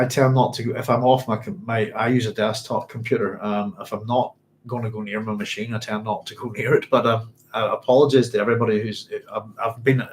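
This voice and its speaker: A man in the middle of his range chats casually to his live-stream viewers, chuckling as he goes. He rambles and reaches for names as he talks. Faint noise sits under his voice. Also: mid-range voice. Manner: rambling and chuckling, often searching for words. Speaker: livestream host reading viewer comments. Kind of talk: casual chat.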